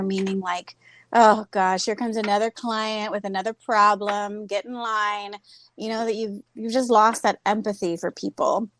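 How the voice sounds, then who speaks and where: A woman in her thirties, a guest speaker, telling a personal story in a candid, animated way and speaking over a video call. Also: a little high, dry recording. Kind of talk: personal story in a group talk.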